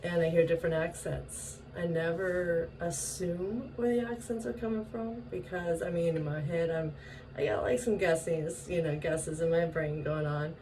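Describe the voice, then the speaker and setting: A woman from Washington state telling a story in a casual, animated way, laughing often and acting out the voices she quotes. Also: on the low side, moderate pace. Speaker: vlogger. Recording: distant mic with faint ambient noise.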